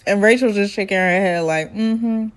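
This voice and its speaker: A woman's voice: mid-range voice, a little slow. A woman in her late twenties hosting a casual, sassy reality TV recap, acting out the people she talks about and laughing often. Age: 20s. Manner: sassy, animated storytelling with impressions and laughter.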